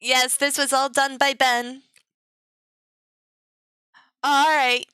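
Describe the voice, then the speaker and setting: A woman's voice: high voice, level tone, drawn-out words, bright, forceful tone, smooth, no room sound, studio quality. A young woman streaming as a VTuber, chatting to her viewers in a silly, teasing, sing-song way and giggling often. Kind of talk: playful live stream chat.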